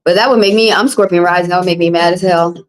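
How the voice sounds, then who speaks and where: A woman's voice: lowish voice, fairly even intonation, fast, rough recording. A woman, a tarot reader live-streaming and chatting with viewers in a blunt, casual, profane way. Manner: blunt, casual, profane, talks straight to chat.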